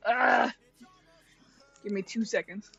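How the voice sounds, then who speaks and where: Young woman, casual streamer, swears, laughs a lot, bright high voice, lo-fi mic, faint music behind. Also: fairly even intonation, slow, vocal fry, slightly rough. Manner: chatty and swears freely, laughs often, talks to her cat. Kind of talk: casual live-stream chat while drawing.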